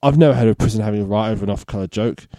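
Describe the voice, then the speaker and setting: A man's voice: on the low side, rapid-fire, warm tone, dry recording. Man reading odd news, laughing. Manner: reads out odd news stories with laughing asides. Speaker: podcast host. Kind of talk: casual comedy podcast chat.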